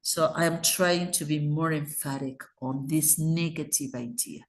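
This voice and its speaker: A woman's voice: sits low, steady tone, a little slow, reverberant. A woman with a Mexican Spanish accent teaching English grammar in an online class, patiently explaining and checking in with her students.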